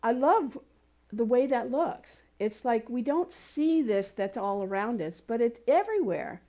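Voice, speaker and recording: Woman pastor kinda high voice, chatty sermon w personal stories, encouraging the congregation. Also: lively intonation, a little slow, mellow. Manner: conversational, telling personal stories. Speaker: minister. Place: spiritual community center service.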